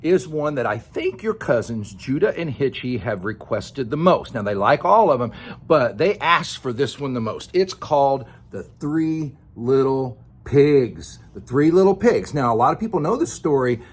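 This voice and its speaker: An older man reading a picture book aloud to his grandchild, expressive and chatty, pointing out the pictures as he goes. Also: medium pitch, normal speed, slightly rough.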